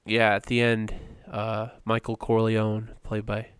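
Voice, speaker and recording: With a lowish, completely flat voice that's clean and fairly bright, this podcast co-host talks at a measured pace. He rambles through a casual chat with many fillers and restarts, and the studio-quality audio has no room sound.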